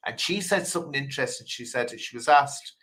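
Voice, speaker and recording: A man hosting a casual chat, telling a story in a lively, chatty way. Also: mid-range voice, fast. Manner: animated, chatty.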